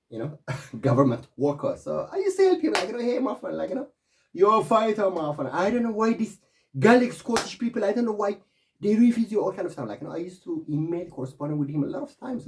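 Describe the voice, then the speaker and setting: Middle-aged man, digressive casual monologue, lively swooping pitch, mid-range voice. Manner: animated, keeps saying "my friend", digressive.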